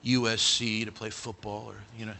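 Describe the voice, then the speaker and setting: Bright-voiced preacher. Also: male voice, on the low side, normal speed, gravelly. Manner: animated, dramatic, talks directly to the congregation. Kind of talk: sermon. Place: church.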